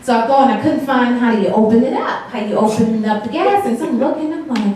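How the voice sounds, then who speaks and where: A woman, performing a stand-up comedy set on a dark theater stage and talking straight to the crowd. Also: a little high, fast talker, hardly any pauses, very echoey, far from the mic, slight background noise, poor audio. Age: 40s. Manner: chatty, addresses the crowd directly, laughs between jokes. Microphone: handheld stage mic.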